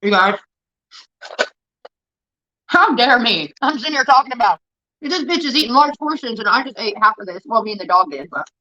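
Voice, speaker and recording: A woman's voice: on the high side, expressive, moderate pace, pauses often, sharp tone, muffled recording. A woman livestreaming, telling a rambling, profane story in a casual chat that keeps getting sidetracked.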